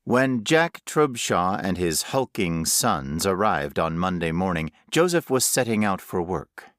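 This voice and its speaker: A man giving an unhurried, expressive scripted narration of a horror story. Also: sits low, no room sound, studio quality. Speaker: audiobook narrator.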